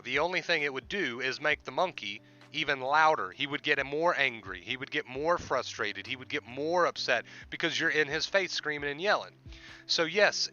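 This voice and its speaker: A man's voice: on the high side, pushed and bright, highs cut off. A man hosting a livestream, explaining with repetition and emphasis in casual talk. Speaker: livestream host and life coach.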